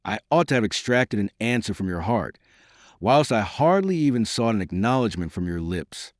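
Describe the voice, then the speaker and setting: A wounded young nobleman in an audiobook, grave and bitter yet dignified, as a male narrator reads him. The voice sits low and moves expressively, recorded dry and close. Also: very animated, moderate pace, no echo. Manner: earnest, grave.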